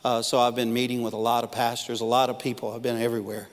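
A man's voice: medium pitch, flat delivery, fast talker. A middle-aged man preaching a sermon as pastor, telling stories with humor and acting out quoted lines. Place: church auditorium. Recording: long reverb of a church hall.

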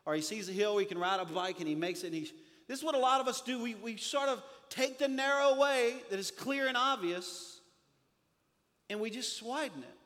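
High-voiced preacher in an echoey hall. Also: male voice, a little fast. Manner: animated storytelling with humor. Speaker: pastor. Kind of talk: sermon. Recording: reverberant hall.

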